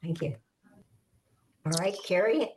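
A woman's voice: lowish voice, slow pace, a little mellow, slight background noise. A woman hosting a show and interviewing poets, speaking hesitantly with many fillers. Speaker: radio show host.

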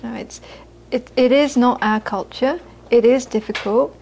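A woman's voice: fairly high pitch, moderate pace, a little mellow, slight background noise, poor audio. A middle-aged woman teaching Buddhism in an informal talk, chatty and repeating phrases for emphasis, often laughing. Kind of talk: informal dharma talk to an audience.

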